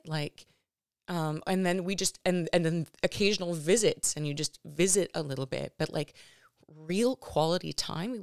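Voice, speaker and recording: Woman talking to her listeners, heartfelt, lots of likes and ums, kinda low voice, dry close sound. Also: dry recording. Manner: earnest, emotional, many fillers and restarts. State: near tears at times. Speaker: podcast host. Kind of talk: personal reflective monologue.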